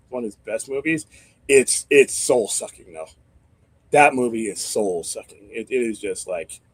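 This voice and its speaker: A man's voice: medium pitch, darkish tone, breathy edge. A man hosting a casual live-stream chat, rambling and swearing freely as he thinks aloud with restarts. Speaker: host.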